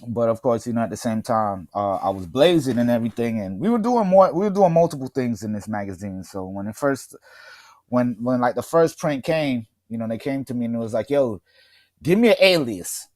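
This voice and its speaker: A middle-aged man from Miami tells stories in casual podcast talk. His voice sits in the middle of the range for a man and is recorded dry, with no room echo. His delivery is animated and he laughs often. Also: mid-range voice, fairly quick. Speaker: podcast co-host. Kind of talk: casual chat.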